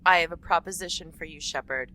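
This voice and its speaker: A woman playfully voices a seductive alien crime boss from a space game. The voice sits low with a bright edge and a commanding, slow purr. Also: a little hiss or hum, rough recording. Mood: sultry.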